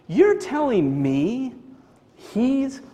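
A man's voice: very high voice, sing-song, extremely slow, dark tone, in a large hall, pitched above the performer's own voice, full character voice. A man voicing an imagined first-century Greek listener who stammers out incredulous questions.

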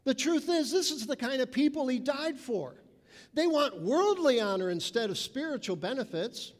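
A man's voice: very high-pitched, lively intonation, moderate pace. A man preaching a sermon with emphasis, mimicking people's voices. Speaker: pastor. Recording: reverberant hall.

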